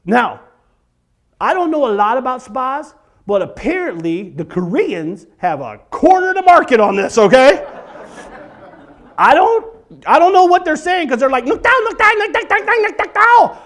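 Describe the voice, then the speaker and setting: A man's voice: very high-pitched, a little slow, pauses often. A man in his forties doing a comedy monologue at a church event, acting out stories with sung and screamed bits. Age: 40s. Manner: animated storyteller, breaks into singing and screaming bits.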